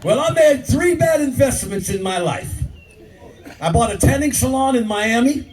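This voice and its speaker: A man's voice: extremely high pitch, expressive, normal speed, background noise. An older man doing a stand-up comedy set, crude and brash, talking straight to the crowd. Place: live comedy club. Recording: distant mic, loud crowd laughter.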